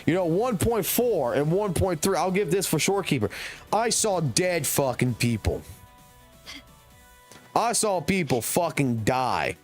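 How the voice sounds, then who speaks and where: Male game streamer, fairly high voice, cussing rant, faint music underneath. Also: sing-song, a little slow. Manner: blunt, heavy swearing, slangy. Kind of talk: casual ranting commentary.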